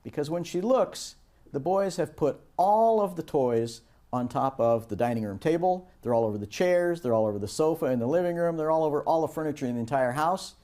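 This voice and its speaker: A man teaching a course on project management, giving a lecture and bringing it to life with animated anecdotes. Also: a little high, a little fast. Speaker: course instructor. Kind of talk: lecture with storytelling.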